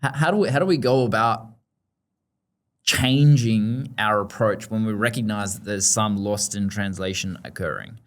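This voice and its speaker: A man hosting a podcast in an easygoing conversational way. His voice is a touch low, and he laughs easily as he tells his story. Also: normal speed. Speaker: podcast host. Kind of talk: casual podcast interview.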